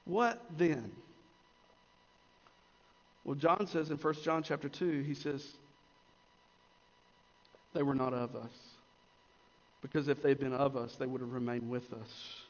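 A man preaching a sermon as pastor, swinging between emphatic rises and quiet, intense drops. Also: mid-range voice, steady tone, slow pace, pauses often. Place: church sanctuary. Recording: long church reverb, dull lo-fi sound.

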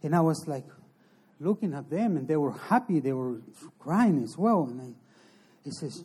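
Man telling a halting, earnest testimony. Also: a little high, animated, mellow, breathy edge. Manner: halting, earnest, in non-native English; emotional storytelling. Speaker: interview guest. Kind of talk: personal testimony.

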